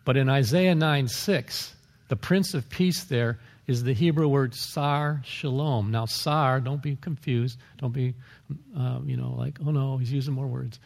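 Gravelly-voiced man preaching in a reverberant hall. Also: medium pitch, measured pace. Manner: conversational preaching with asides and chuckles. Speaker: pastor. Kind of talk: sermon.

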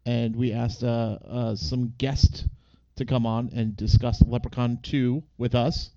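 A man's voice: mid-range voice, flat delivery, a little slow, warm tone, no echo, dull audio. Dry-joking man co-hosting a podcast. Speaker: podcast co-host. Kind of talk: casual podcast chat.

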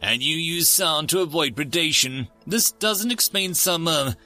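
A man's voice: on the high side, lively intonation, unhurried, pushed and bright, faint music behind, voice pushed up, exaggerated voice. A man voicing a polite, curious male alien who chooses his words carefully in a storybook reading. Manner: careful, formal phrasing.

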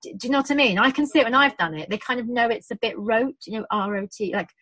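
A British woman who works in birth support chats casually, her voice a little high and fast, and she acts out quotes as she animatedly tells her stories. The recording quality is low.

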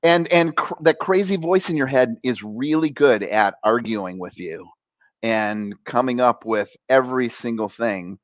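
An animated man talking as a coach in an interview, often slipping into the voices of people he quotes. His pitch sits in the middle range. The sound is dry and close, with no room echo. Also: unhurried, highs cut off. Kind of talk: conversational interview.

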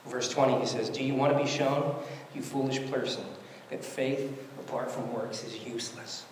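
A man's voice: medium pitch, fairly even intonation, normal speed, a little hiss or hum. A man preaching a sermon, conversational, asking rhetorical questions as he works through scripture. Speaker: pastor. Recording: echoey hall with long reverb.

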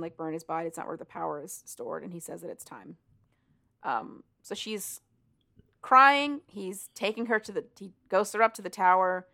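A woman's voice: mid-range voice, moderate pace, gravelly, sharp tone. A woman co-hosting a podcast, retelling a book's plot in a rambling, casual way with plenty of swearing. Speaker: podcast co-host. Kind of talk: casual book recap chat.

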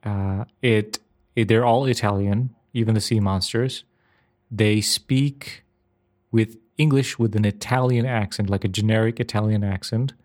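A man's voice: lowish voice, fairly even intonation, a little slow, darkish tone. A man co-hosting a podcast in casual chat, asking lots of questions and repeating words as he works out his thoughts. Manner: inquisitive, hesitant, repeats words while thinking. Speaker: podcast co-host.

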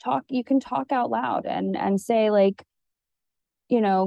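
A woman's voice: fairly high pitch, takes it slowly, creaky, no room sound, lo-fi sound. A woman therapist talking as a podcast guest in an earnest, rambling way, with many fillers, and sounding teary. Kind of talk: casual conversation.

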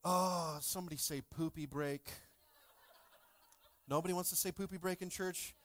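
A man in his thirties preaching a sermon in a church, full of jokes and playful asides to the congregation, swinging between loud bursts and soft asides. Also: high voice, steady tone, normal speed. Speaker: pastor. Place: church sanctuary.

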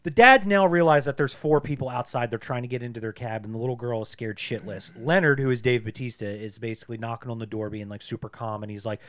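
A man's voice: mid-range voice, quick pace, hardly any pauses, no echo. Man recapping a film on a podcast. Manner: animated retelling, acts out quoted lines. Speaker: podcast co-host. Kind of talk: casual movie-recap chat.

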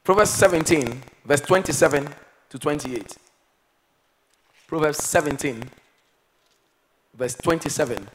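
A man preaching a sermon, moving between quiet, reflective passages and loud, emphatic exhortation. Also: on the high side, unhurried, pauses often, slight background noise, low-quality recording. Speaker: pastor.

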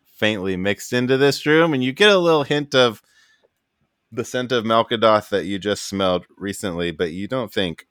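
A man's voice: on the low side, normal speed, fairly bright tone, clean tone, no echo, clean studio sound. A man narrating as game master of a tabletop game, loose and casual with plenty of fillers.

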